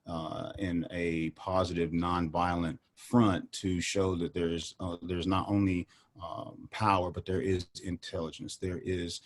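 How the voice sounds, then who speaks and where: A man in a casual discussion, speaking in an earnest, measured way with many fillers. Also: deep voice, little pitch movement.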